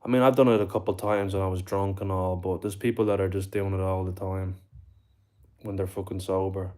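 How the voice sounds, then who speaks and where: A young Irish man on a livestream, talking in a low, mellow voice with a flat, level delivery. He swears freely and ends his lines with bro and like as he chats with his viewers. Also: brisk. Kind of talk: casual chat with viewers.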